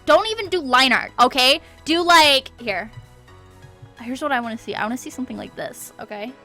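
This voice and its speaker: A woman's voice: high voice, brisk, pushed and bright, soft background music. A woman streaming a live art critique, encouraging, often checking in with "okay?" and repeating words for emphasis.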